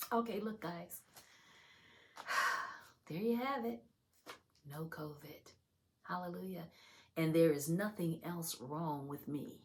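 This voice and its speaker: Woman, religious testimony, chatty, exuberant, hushed whispers, many fillers. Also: fairly low pitch, slow, long pauses. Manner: exuberant, shifts between loud excitement and hushed whispers. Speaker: video host sharing testimony. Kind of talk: emotional religious testimony and prayer.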